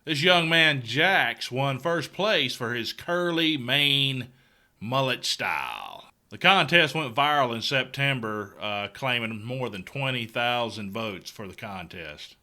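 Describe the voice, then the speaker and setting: A man with a Southern US accent hosting a casual good-news show, folksy and excitable, often stammering and repeating words. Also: mid-range voice, takes it slowly.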